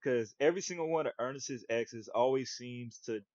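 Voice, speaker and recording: Animated young man telling a story. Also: normal speed, dry recording. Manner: animated, acts out quotes with big pitch jumps, slangy. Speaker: podcast co-host. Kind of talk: casual storytelling chat. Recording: dull lo-fi podcast audio, dry.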